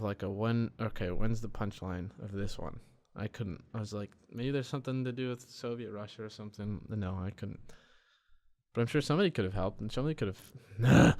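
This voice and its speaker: Sitting in a dark room, a young podcast host talks on his own in a quiet, medium-pitched voice, his usual low volume. His delivery is a frustrated, foul-mouthed ramble full of false starts.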